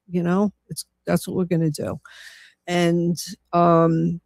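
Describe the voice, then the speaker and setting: A woman's voice: lowish voice, completely flat delivery, slow, vocal fry, darkish tone, no room sound, clean studio sound. A woman guest on a radio talk show, speaking emotionally and with determination, with many fillers. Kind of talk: casual chat.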